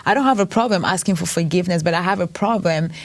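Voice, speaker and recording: A woman in her thirties tells her life story as an interview guest, in a slightly low voice. She speaks earnestly and reflectively, taking her time between thoughts. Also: fast. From Cameroon. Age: 30s. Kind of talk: personal testimony.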